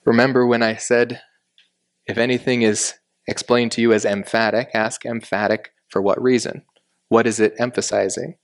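A man teaching a verse-by-verse Bible lesson in a measured, explanatory way, slowing down to stress key points. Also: medium pitch, flat delivery. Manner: measured, explanatory, slows for emphasis.

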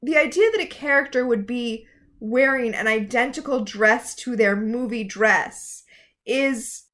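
A woman co-hosting a podcast, recapping a TV episode in casual, sarcastic chat. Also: on the high side. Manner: sarcastic, animated retelling. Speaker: podcast co-host.

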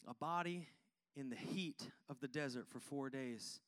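A man preaching a sermon, fervent and chatty, calling out to the congregation and swinging from hushed tones to loud ones. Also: medium pitch, unhurried. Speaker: pastor.

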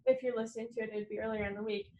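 A woman, a podcast guest, talking haltingly and searching for words, her speech a little muffled by a retainer. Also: mid-range voice, level tone, warm tone. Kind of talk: casual chat.

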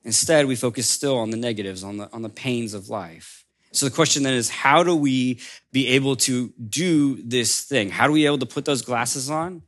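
A man preaching a sermon as a pastor, in a conversational storytelling way that drops soft for emphasis. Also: medium pitch, moderate pace.

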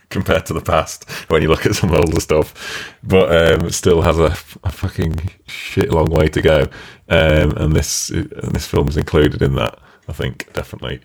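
A man co-hosting a podcast, rambling and sighing as he chats casually about films and music, with glitchy robotic-sounding audio. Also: rumbling low. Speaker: podcast co-host. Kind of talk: casual film review chat.

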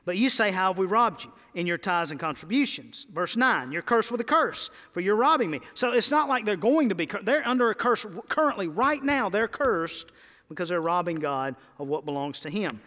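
Pastor, male, high tenor, exhorting his congregation, reverberant church. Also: animated, brisk, pushed and bright. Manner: rising to emphatic exhortations. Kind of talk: sermon.

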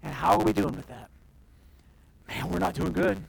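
A male pastor preaching a sermon in a church, with passionate delivery that swings between loud declarations and hushed asides, often acting out quoted voices. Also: sits high, normal speed, creaky, rough recording.

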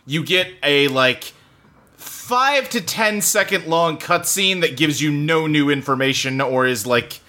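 A man's voice: on the high side, measured pace, pushed and bright. A man co-hosting a casual chat about games from his home office, speaking loosely with lots of fillers and the odd curse word. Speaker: podcast co-host. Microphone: desktop computer setup.

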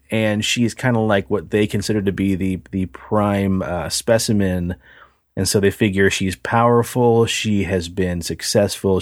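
A man with a fairly low voice co-hosts a casual podcast, spinning loose, profane anecdotes full of ums and likes. The sound is dry and close, with no room around it. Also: no echo. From United States. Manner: profane, rambling anecdotes with filler words. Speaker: podcast co-host. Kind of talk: casual storytelling chat.

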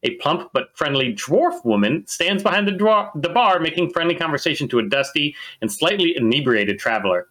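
Bright-voiced casual game master. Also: male voice, a little high, big pitch swings, a little fast, hardly any pauses. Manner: casual, rambling with many fillers. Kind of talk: narrating a tabletop game.

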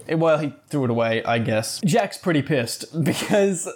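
A man's voice: on the high side, expressive, a little slow, few pauses. A man hosting a podcast, casually retelling a book's plot with wry asides. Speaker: podcast host. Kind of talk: casual book review podcast.

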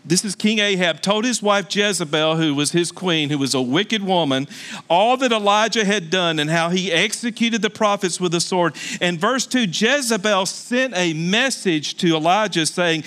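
High, bright-voiced pastor preaching animatedly. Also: male voice. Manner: animated storytelling with exclamations and asides. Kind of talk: sermon. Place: indoors.

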